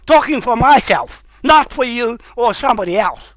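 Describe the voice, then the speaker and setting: A man delivering a heated, confrontational rant, swearing and breaking into shouts. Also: very high-pitched, animated, moderate pace, poor audio. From New Zealand. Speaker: vlogger. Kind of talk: angry ranting monologue.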